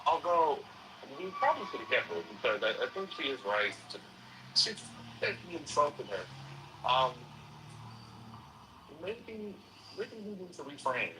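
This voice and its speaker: A man's voice: a little high, big pitch swings, measured pace, long pauses. A man co-hosting a casual chat, speaking in a hesitant, thoughtful way. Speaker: co-host. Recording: distant mic with clear background noise.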